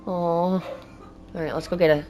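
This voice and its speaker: A woman with a fairly low voice chats casually as she plays through a story game, laughing easily and reading on-screen text aloud. Soft game music hums faintly underneath. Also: steady tone, normal speed. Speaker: game streamer. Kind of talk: casual let's-play commentary.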